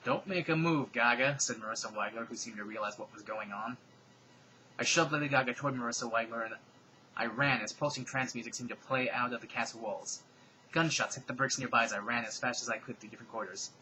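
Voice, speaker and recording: A man giving a comedic, dramatic reading of fan fiction, with deadpan, sarcastic asides. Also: mid-range voice, quick pace, slight background noise, low-quality recording.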